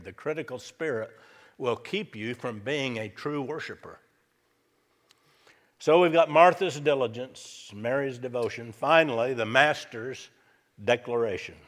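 A man's voice: medium pitch, a bit bright. Male pastor, emphatic sermon delivery, repeats points, mid-range voice, long hall reverb. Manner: emphatic, repeats key lines for effect.

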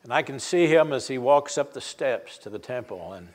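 Older preacher, halting, in a reverberant hall. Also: male voice, medium pitch, lively intonation. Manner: folksy, halting, many fillers and restarts. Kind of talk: sermon storytelling.

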